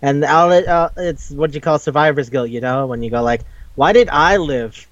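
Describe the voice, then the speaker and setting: A young man co-hosting a casual anime review chat, animated and profane, often acting out characters' lines. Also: medium pitch, a little fast, no room sound. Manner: animated, swears a lot, acts out quoted lines. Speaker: podcast co-host. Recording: dull lo-fi, dry close mic.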